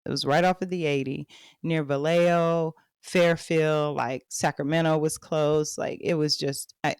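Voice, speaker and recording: A woman's voice: low voice, no room sound, studio quality. Candid Texan woman telling her story. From Texas. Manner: candid, conversational, speaks straight to listeners. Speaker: podcast host. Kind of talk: personal storytelling monologue.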